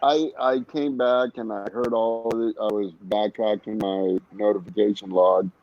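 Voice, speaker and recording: A man's voice: fairly low pitch, fairly even intonation, measured pace, muffled recording. Rambling, cursing man on voice chat. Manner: rambling, profane, laid-back. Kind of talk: casual chat.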